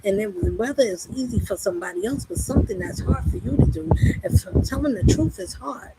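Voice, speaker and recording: A woman preaching a spiritual monologue, impassioned and full of rhetorical questions, over loud background noise. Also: a little high, lively intonation, fairly quick, creaky. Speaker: spiritual speaker.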